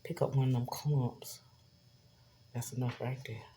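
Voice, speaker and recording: A woman's voice: extremely low pitch, steady tone, unhurried, warm tone, slight background noise. A woman, chatting casually to viewers while she cooks in her home kitchen. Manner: chatty, addresses viewers as y'all. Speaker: cooking vlogger. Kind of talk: casual cooking vlog.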